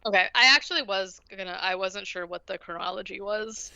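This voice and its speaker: A woman's voice: mid-range voice, fairly quick, gravelly, sharp tone, no room sound, muffled recording. A woman co-hosting a podcast, recapping a film in casual chat and acting out the characters' lines with energy. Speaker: podcast co-host.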